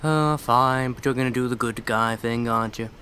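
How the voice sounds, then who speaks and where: Man, let's play commentary, casual, sarcastic, irreverent, mid-pitched, faint background noise. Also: steady tone, moderate pace, sharp tone. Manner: sarcastic, irreverent, mocking asides.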